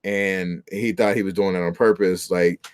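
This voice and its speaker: A man with a lowish voice talks through a horror film scene by scene in relaxed, loose conversation. He jumps into quick impressions of the characters. The recording is dry and close. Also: clear, resonant tone, dry recording. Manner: loose storytelling, acts out quotes. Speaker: podcast co-host. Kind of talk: casual movie review chat.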